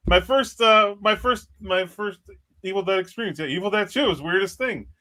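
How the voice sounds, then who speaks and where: A man in his forties chats as a podcast guest, rambling and restarting, often breaking into laughter. His tone is bright and edgy, a bit higher than most men. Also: fairly quick. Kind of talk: casual podcast chat.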